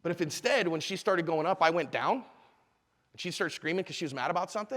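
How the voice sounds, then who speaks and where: A man in his forties teaching a live class, animated and quizzing the audience. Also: on the high side, fast, big-room sound. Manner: animated, asks the audience questions. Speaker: self-defense instructor.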